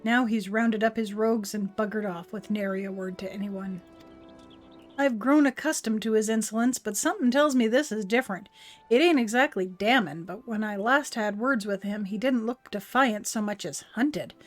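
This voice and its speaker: A woman's voice: mid-range voice, moderate pace, soft background music, close to an everyday voice. A woman reading the lines of a stern farm overseer from a video game aloud, in an old-fashioned rustic way. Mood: earnest. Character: stern farm overseer vowing to punish a rogue.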